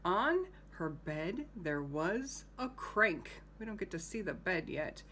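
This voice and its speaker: Gentle teacher lady reading a picture book to kids, slow, asks questions as she goes. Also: on the low side, sing-song, slight background noise. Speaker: home-school teacher. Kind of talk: reading a picture book aloud to young children.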